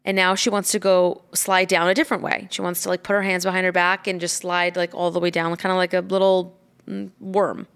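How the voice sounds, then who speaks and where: Chatty, animated woman telling a story. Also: lowish voice, fairly quick, smooth. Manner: animated, swears freely, acts out quoted lines. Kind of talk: casual storytelling chat.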